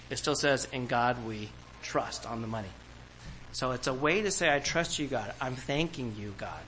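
Bright-voiced male pastor preaching. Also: mid-range voice, slight background noise, low-quality recording. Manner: conversational preaching, acts out quoted voices. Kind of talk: sermon. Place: church before a congregation.

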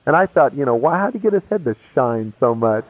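A pastor gives a sermon with personal testimony, recounting his own conversion in a casual, slangy style. His medium-pitched voice is brisk with big pitch swings, heard over a tinny, phone-like radio broadcast with background noise.

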